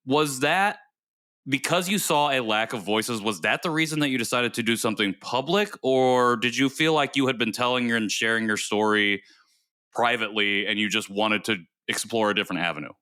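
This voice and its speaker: A man's voice: medium pitch, a little fast, sharp tone, no echo. A man hosting a podcast, asking long, thoughtful questions in a casual interview chat. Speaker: podcast host.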